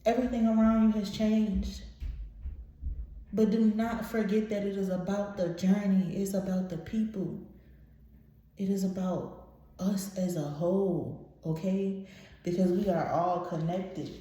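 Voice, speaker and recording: A woman reads tarot for her viewers in a very echoey room. She talks casually and bluntly, swears freely, and gets openly emotional. Her voice sits at a middle pitch. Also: fairly even intonation, measured pace, dark tone. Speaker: tarot reader.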